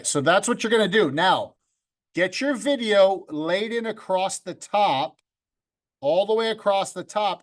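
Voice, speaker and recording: A man teaching a video-editing class over a video call, upbeat and joking, talking to students by name. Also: high voice. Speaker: video club instructor. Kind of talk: online class instruction. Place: home room with green screen.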